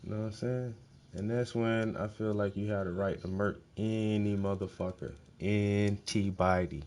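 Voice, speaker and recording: A man with a low, deep voice talks in a loose, casual monologue. He is blunt and swears constantly, circling back on words to hammer a point home. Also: moderate pace, darkish tone. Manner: profane, blunt, emphatic, repeats words. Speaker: host.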